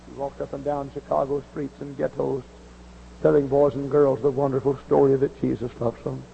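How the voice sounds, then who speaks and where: A man's voice: mid-range voice, level tone, normal speed, gravelly, big-room sound, a little hiss or hum. A man preaching a revival sermon before a large congregation, telling stories with passion and hollering. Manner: hollering, impassioned storytelling. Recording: muffled lo-fi recording.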